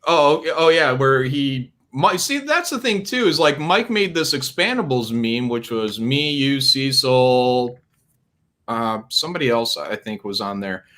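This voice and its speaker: A man's voice: medium pitch, expressive, unhurried, a bit bright. A man talking casually on a livestream, blunt and sarcastic, cursing freely. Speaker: guest on a livestream talk show.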